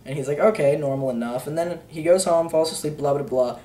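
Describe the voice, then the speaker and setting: A man's voice: fairly high pitch, fairly quick, mellow, recorded from a distance. A teenage boy giving a rambling, unsure movie review, full of fillers and offhand "blah, blah, blah" asides. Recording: roomy echo, a bit off-mic.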